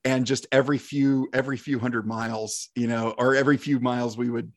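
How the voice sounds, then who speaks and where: A man's voice: mid-range voice, flat delivery, a little fast. Male podcast host, casual interview chat, enthusiastic and laughing, restarts often.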